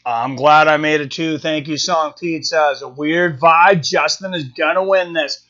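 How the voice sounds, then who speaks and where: A man with a high voice hosts a live stream, talking casually and answering viewers' comments. He thinks out loud, circling back with fillers and restarts. The sound is dull and lo-fi. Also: measured pace. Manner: rambling, thinking aloud with many fillers and restarts.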